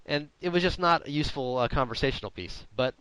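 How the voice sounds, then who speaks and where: A man hosting a podcast in casual chat, droll and sarcastic with a deadpan wit and rambling asides. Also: a little high, quick pace, clean tone, no room sound, rough recording. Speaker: podcast host.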